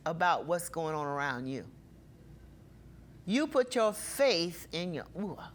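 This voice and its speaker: Woman preaching a sermon, fiery, drags out the bible verses, kinda low voice. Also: big pitch swings. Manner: passionate preaching, slows down and gets louder reading scripture.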